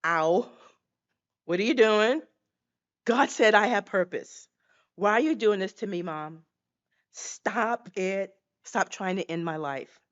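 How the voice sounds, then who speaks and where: A woman's voice: animated, slow, long pauses, dull audio. An older woman voicing a frightened unborn baby girl who pleads with her mother in a small, childlike way. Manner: pleading, childlike, rising high.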